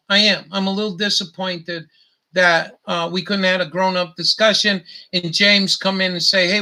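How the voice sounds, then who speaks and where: A man with a high, gravelly voice and a piercing, sharp edge rants angrily to his online audience, heavy on profanity. He stumbles and restarts his sentences as he goes. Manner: angry, profane, halting with restarts. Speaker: YouTube host. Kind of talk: profane ranting monologue.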